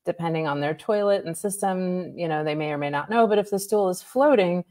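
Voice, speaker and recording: A woman naturopathic doctor, a guest on an interview, explaining health topics in a lively way with examples and asides. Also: lowish voice, fairly quick. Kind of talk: conversational expert explanation.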